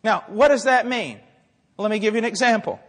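A man preaching a sermon with great fervor, dropping to quiet asides and rising to shouts. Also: high voice, brisk. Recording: long hall reverb.

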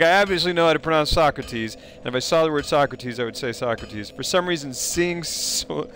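A man streaming a game live, chatting playfully with viewers and breaking into sudden high exclamations. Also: creaky, a bit bright. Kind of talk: casual live-stream chat while playing.

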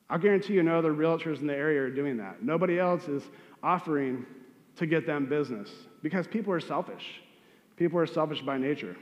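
A man's voice: fairly high pitch, in a large hall, muffled recording. A man who is a real estate agent, giving direct coaching advice to newer agents and asking rhetorical questions. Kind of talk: motivational advice talk.

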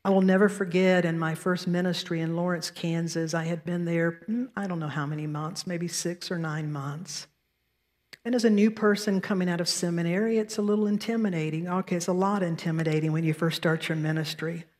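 A woman's voice: on the low side, steady tone, brisk, a little mellow, long reverb tail. Southern woman minister preaching. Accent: Southern American. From American South. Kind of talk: sermon. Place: church sanctuary.

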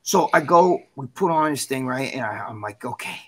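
A man guest in an interview, telling a story in a rambling, animated, profane way. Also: medium pitch, moderate pace, breathy edge. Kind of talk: casual storytelling.

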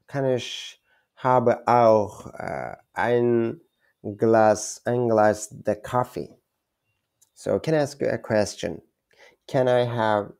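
Slow, gravelly man teaching German. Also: lowish voice, a little mellow. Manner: halting, repeats words, self-correcting. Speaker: language learner teaching German basics. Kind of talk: informal self-taught lesson.

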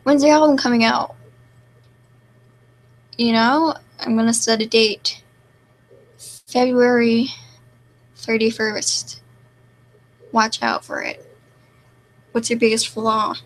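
A young woman streaming live, reading chat comments aloud and answering in a deadpan, self-mocking way. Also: on the high side, slow, long pauses, low-quality recording.

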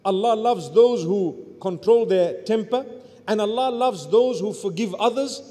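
A male preacher with a high voice delivers a religious sermon. He builds to loud, urgent peaks and then falls to quiet, low murmurs. His voice trails off into a long hall reverb. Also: a little slow. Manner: rises to near-shouts, then drops to soft low murmurs. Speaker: Islamic preacher.

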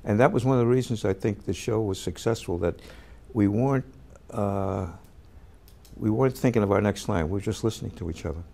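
A man, an actor, telling a backstage anecdote in an interview, lively as he acts out the voices of the people in the story. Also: on the low side, fairly quick. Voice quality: gravelly, husky. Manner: animated storyteller who acts out quoted voices.

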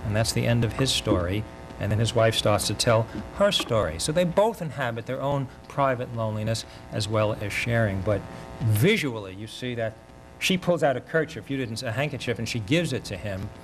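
An older man giving an academic lecture in a measured, reflective way, often pausing mid-thought. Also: medium pitch, animated, soft background music, poor audio. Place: university lecture.

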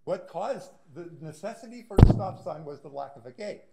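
A man speaking as a resident at a public meeting, insistent and halting, with many fillers. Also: on the high side, expressive, gravelly, very noisy. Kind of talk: heated public comment.

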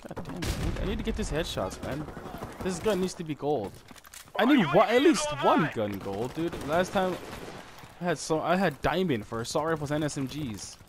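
A young man rambling through his own shooter gameplay with profane trash talk, swearing often and turning excitable. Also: a little high, moderate pace. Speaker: gamer streaming commentary. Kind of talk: profane live gameplay commentary. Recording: noisy gameplay audio with gunfire. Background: game gunfire and clicks.

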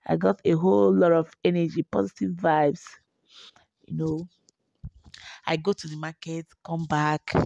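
A woman's voice: on the low side, creaky, warm tone, dry recording, low-quality recording. A young woman, chatting emotionally about her pregnancy in a vlog, often repeating herself and laughing. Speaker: vlogger. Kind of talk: personal vlog narration over clips.

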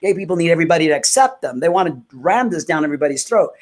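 A woman's voice: sits low, expressive, racing, a little mellow. A woman hosting a casual faith conversation, speaking fervently and emotionally, full of "you know" and "like". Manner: fervent, emotional, many fillers. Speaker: host.

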